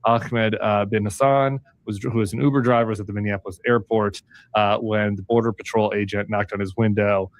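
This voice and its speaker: A man co-hosting a livestream talk show, giving earnest, halting commentary on news clips with many fillers, heard over a video call. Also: lowish voice, steady tone, no room sound. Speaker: co-host presenting news clips.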